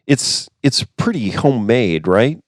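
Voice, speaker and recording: A man's voice: mid-range voice, sing-song, a little slow. A man co-hosting a podcast who chuckles and often trails off in half-finished sentences. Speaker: podcast co-host, musician. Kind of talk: casual chat about music and film.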